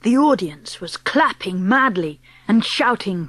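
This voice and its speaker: A woman narrating a children's audiobook in a lively storytelling manner. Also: mid-range voice, a little slow, dry recording. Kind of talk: scripted narration.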